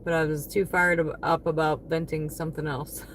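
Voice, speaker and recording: A woman's voice: deep voice, level tone, normal speed, a little hiss or hum. A woman chatting casually on a livestream, thanking her viewers one by one by name. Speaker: livestreaming delivery driver.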